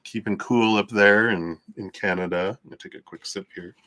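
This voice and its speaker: A man's voice: lowish voice, steady tone, moderate pace, a bit bright, dry recording. Tense-toned man chatting through a live tarot reading. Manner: chatty, laughs often between remarks. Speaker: tarot reader hosting a live stream.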